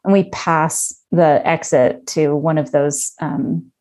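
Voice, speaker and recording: A woman in her fifties telling a personal story in casual conversation, lively and acting out her own past thoughts. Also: deep voice, slow. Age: 50s.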